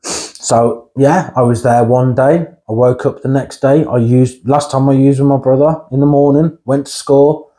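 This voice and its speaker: He has a mellow, mid-range voice with a steady tone and a moderate pace. As an interview guest, he tells his own story frankly, swearing occasionally and repeatedly asking "right?" to check in with his listener.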